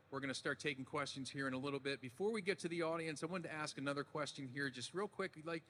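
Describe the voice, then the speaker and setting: Bright-voiced male panel moderator. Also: medium pitch, a little hiss or hum. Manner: friendly and orderly, directing the audience. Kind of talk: hosting a convention Q&A.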